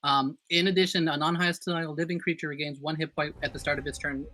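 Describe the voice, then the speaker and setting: A man's voice: on the high side, fairly even intonation, fast, pushed and bright. A man playing a tabletop role-playing game in casual chat, eagerly explaining his character's spell and reading rules aloud. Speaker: player.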